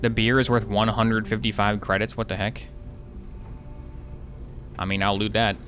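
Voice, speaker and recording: Lower-voiced sarcastic man playing a game. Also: normal speed, soft background music. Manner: sarcastic, joking, excitable yelps. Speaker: gameplay streamer. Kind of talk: casual let's play commentary.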